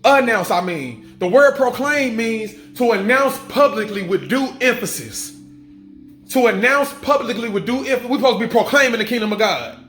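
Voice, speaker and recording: Speaking at normal speed, a spiritual vlogger with a very high-pitched, somewhat bright voice animatedly addresses his viewers. He's emphatic and repetitive, going back over each point and dropping casual swears, in an echoey room with faint music behind him.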